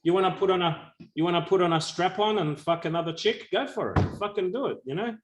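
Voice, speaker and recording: A man's voice: high-pitched, quick pace. A man co-hosting a podcast, chatting crudely and swearing a lot. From Australia. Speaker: podcast co-host. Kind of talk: casual chat. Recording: echoey room.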